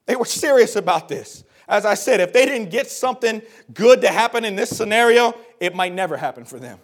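A man with a high-pitched voice preaches a sermon, drifting down to near whispers and then climbing to full shouts. He hammers points home by saying them twice. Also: expressive, a little fast. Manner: swings from hushed to shouting, repeats phrases for emphasis.

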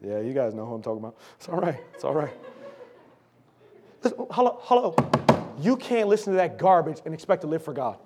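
Fervent high-voiced preacher with a sore throat. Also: male voice, big pitch swings, fairly quick, long pauses, noisy background. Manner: emphatic, swinging between loud shouting and low intense asides; fervent, calls out to the congregation. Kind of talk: sermon.

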